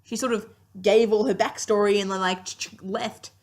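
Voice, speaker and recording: Speaking at a normal speed in a steady, mid-range voice, a young TV series reviewer chats and gushes her way through a rambling, casual review. She leans on lots of filler words and comes across as tired, yawning along the way.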